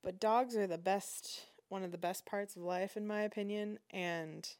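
A woman hosting a podcast, telling a personal story in a lively, indignant way. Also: medium pitch, normal speed. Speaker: podcast host. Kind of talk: casual storytelling.

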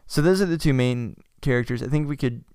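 A man's voice: medium pitch, fairly quick, a little mellow, clear, resonant tone, dry recording, clean studio sound. A man with a Southern US accent, chatting casually about films as a podcast co-host, opinionated and restarting phrases now and then. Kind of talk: casual film discussion.

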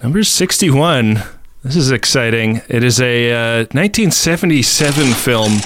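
A man's voice: mid-range voice, animated, normal speed, background noise. A man hosting a film podcast, teasing his co-hosts and steering the segment in casual chat. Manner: dry, teasing, runs the segment. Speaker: podcast host.

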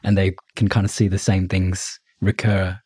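A man and podcast co-host speaking in a thoughtful, measured and hedging way in casual chat. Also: sits low, flat delivery, darkish tone, husky, no room sound.

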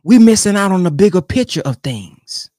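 Animated young man, dry close sound. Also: high-pitched, moderate pace, dry recording. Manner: animated and emphatic, keeps urging "come on, man". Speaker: online commentator. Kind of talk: casual commentary reacting to a sermon clip.

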